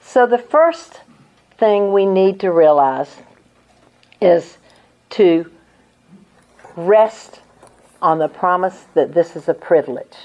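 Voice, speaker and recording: An older woman giving an earnest, measured Christian teaching talk, reading scripture passages aloud. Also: lowish voice, animated, dark tone, muffled recording. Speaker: Christian speaker.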